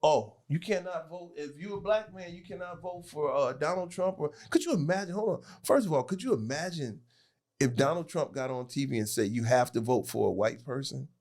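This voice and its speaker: A man talking as a podcast guest in casual political chat, animated and laughing, with a knack for mimicking voices. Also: fairly high pitch, a little fast.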